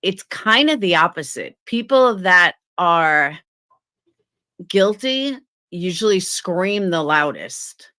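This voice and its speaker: A woman's voice: lowish voice, expressive, slow pace, sharp tone. A woman on a live stream telling a story and ranting bluntly, with swearing. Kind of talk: casual live-stream rant.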